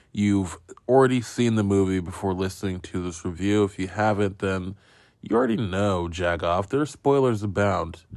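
Deep-voiced rambling podcast man. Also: dry recording, studio quality. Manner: rambling, profane, self-mocking. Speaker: podcast host reviewing films. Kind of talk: casual solo film review.

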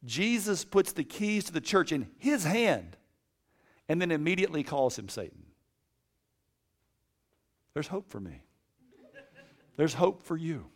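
A man preaching a casual sermon to college students, animated and conversational, sometimes dropping to a hushed, intense tone. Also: fairly high pitch, measured pace, pauses often. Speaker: campus preacher.

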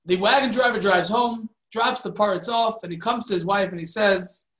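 A man's voice: sits high, a bit bright. Man telling a folk tale, roomy echo. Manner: halting, many fillers and restarts, drops in Yiddish and Hebrew words. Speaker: storyteller.

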